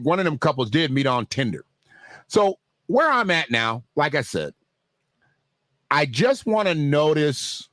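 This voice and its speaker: Joking, slightly high-voiced male streamer. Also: fairly bright tone, no room sound. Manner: loose, joking, talks straight to viewers. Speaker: livestream host. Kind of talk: casual livestream commentary.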